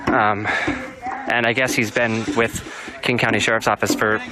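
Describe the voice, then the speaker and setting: A man's voice: fairly low pitch, little pitch movement, normal speed, loud music behind the voice. A man live-streaming from a street protest outdoors, talking in blunt, sardonic commentary and swearing casually.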